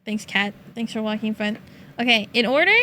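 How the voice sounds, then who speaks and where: Bright-voiced playful young woman streamer. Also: brisk, slight background noise. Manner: playful, teasing, laughs often, meows in a high voice. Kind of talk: casual chat with chat.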